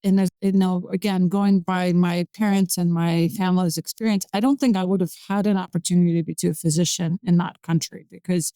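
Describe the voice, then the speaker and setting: Hesitant woman physician, mellow voice. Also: lowish voice, fairly even intonation, a little fast, few pauses, no echo. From Azerbaijan. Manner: hesitant, many fillers and restarts. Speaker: physician-scientist guest. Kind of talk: conversational interview.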